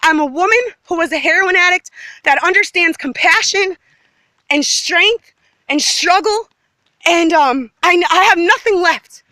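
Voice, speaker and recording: The woman's voice is extremely high, bright and forceful, moving a little slowly, and the recording has no echo. She's a vlogger delivering a rambling, agitated, emphatic monologue to the camera outdoors in her neighborhood, leaping between topics.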